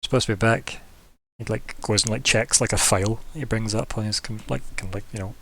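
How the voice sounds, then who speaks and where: A man's voice: lowish voice, fairly even intonation, brisk, gravelly, fairly bright tone, husky, no echo. A man, narrating as game master in a loose, chatty way with many fillers.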